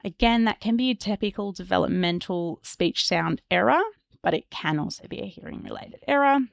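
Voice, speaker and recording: A woman hosting an educational podcast, explaining patiently and slowly modeling speech sounds as examples. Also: medium pitch, vocal fry, dry recording, clean studio sound.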